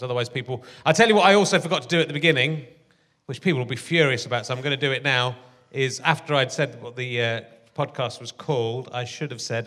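A man's voice: medium pitch, fairly bright tone. A man hosting a live comedy podcast on a theatre stage, rambling and self-deprecating, laughing often. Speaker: podcast host.

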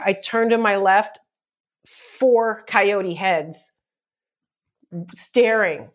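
A middle-aged woman, a comedian guest, telling a story on a chat podcast with lots of acted-out shouts and quotes. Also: medium pitch, drawn-out words.

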